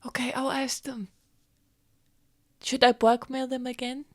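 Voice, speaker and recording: A woman voicing an eager, scheming young boy in whispered role-play, speaking in a hushed, earnest whisper. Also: high voice, moderate pace, no room sound, clean studio sound, voice pushed up. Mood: hushed excitement.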